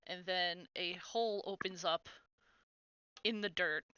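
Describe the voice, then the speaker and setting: A woman narrating as game master of a tabletop game, describing slowly with many fillers. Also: lowish voice, fairly even intonation, bright, forceful tone, smooth, dry recording, muffled recording.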